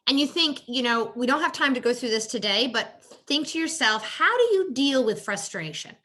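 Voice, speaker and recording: A woman's voice: expressive, normal speed, sharp tone. Conversational woman giving a coaching workshop. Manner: conversational, frequent "you know" and "right?" tags; acts out quoted exchanges in a higher voice. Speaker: holistic health coach. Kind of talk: workshop presentation on caregiver stress.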